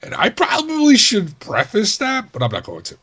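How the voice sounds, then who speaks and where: A man's voice: normal speed, husky. A middle-aged man hosting a podcast, telling work stories in a casual monologue and acting out coworkers' lines in a raised voice. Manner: animated, acts out quoted coworkers with raised pitch. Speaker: podcast host.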